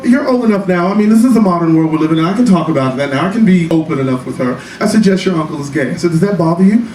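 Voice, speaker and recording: Sassy high-voiced man doing stand-up. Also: a little mellow. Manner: sassy, profane storytelling with quick asides. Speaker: stand-up comedian. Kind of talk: one-man comedy show. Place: small cabaret club stage. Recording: roomy live club recording from a distance, audience noise. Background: audience laughter.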